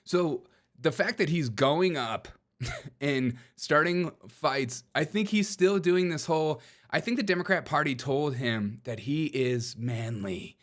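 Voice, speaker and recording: A man's voice: fairly high pitch, slow. Male commentary host riffing and mocking, keeps laughing. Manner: joking and mocking, breaks into laughter often. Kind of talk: comedic political commentary.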